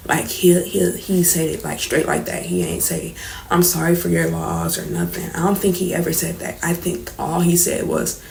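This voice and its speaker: A woman's voice: lowish voice, expressive, moderate pace, gravelly, a little mellow. A young woman telling a personal story in a casual, candid vlog, slangy and swearing as she goes. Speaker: vlogger telling her story. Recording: roomy echo, faint background noise.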